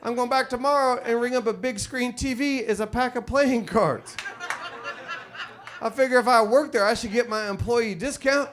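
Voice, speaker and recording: A man performing a crude stand-up comedy set on a club stage, telling ornery stories with sudden loud outbursts. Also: extremely high pitch, normal speed, slight background noise.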